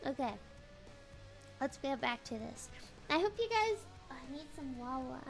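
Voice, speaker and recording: A young woman streamer chatting casually on a live stream, rambling and halting, often repeating her words. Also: high-pitched, big pitch swings, vocal fry, faint music behind.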